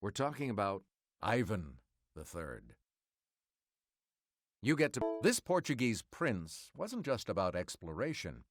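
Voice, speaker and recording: A man hosting a quiz game, reading clues and answers in a crisp, measured announcer delivery. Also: on the low side, wildly swooping pitch. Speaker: quiz show host.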